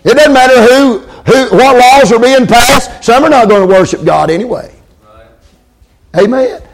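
Male preacher, high voice, sermon cadence, call-and-response amens. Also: animated, unhurried, slight background noise. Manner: calls out amens, repeats lines for emphasis.

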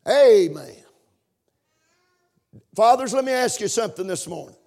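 A man preaching a sermon, reading scripture aloud and repeating key phrases, who slows down on single words and builds to shouted declarations. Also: high voice, lively intonation, vocal fry. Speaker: pastor.

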